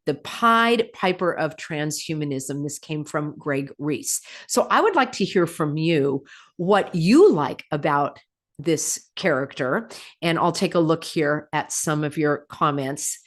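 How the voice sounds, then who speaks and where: Sarcastic woman hosting a commentary vlog. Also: unhurried. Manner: sarcastic, full of rhetorical questions, laughing asides; animated, pitch jumping up on mocking remarks. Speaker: channel host. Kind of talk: casual commentary, reading viewer comments.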